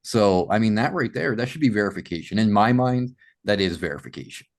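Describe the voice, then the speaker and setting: A man with a fairly low speaking voice tells a long personal story as a podcast guest. He grew up in Massachusetts and speaks with animated energy, leaning on "you know" as he goes. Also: fairly quick. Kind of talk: storytelling in an interview.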